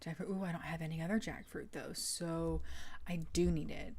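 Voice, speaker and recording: A woman's voice: low voice, steady tone, moderate pace, a little mellow, slight background noise. A young woman from the States, chatting casually and rambling through stories while she plays a game as a streamer. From southern United States. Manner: chatty, rambling storyteller with frequent fillers. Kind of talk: casual chat while gaming.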